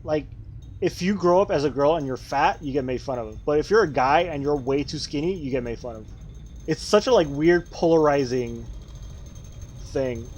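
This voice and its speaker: Guy livestreaming a game, swears a lot, rambles to chat, bit of a higher voice, faint noise behind. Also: moderate pace, darkish tone. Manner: profane, rambling, talks to chat while playing. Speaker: streamer. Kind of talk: casual gaming livestream chat.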